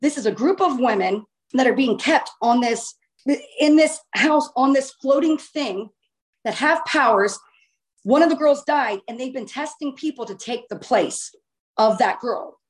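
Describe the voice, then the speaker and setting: A young woman tells a story in a relaxed, unscripted way, her voice sitting a little high. She talks animatedly and informally, tossing in casual swearing as she goes. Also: measured pace.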